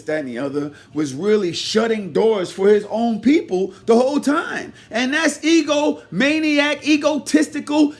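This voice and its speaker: High-voiced man ranting loudly. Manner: swings between loud shouting rants and low muttering asides; heated, mocking and profane. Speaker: commentary vlogger. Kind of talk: ranting commentary.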